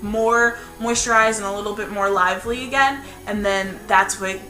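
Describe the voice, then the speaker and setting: A woman vlogger talks through her hair products in a loose, rambling, chatty way. Her voice is bright and forward. The room gives her voice an echo. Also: mid-range voice, fairly even intonation, moderate pace. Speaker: beauty vlogger. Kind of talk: casual hair-care vlog. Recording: roomy echo, faint background music.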